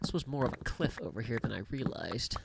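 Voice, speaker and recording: A man's voice: mid-range voice, expressive, fairly quick, vocal fry. Man, gaming livestream host, casual rambling chatter, chuckles a lot, mutters to himself, audible clicks and noise behind. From United States. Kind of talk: casual gameplay commentary.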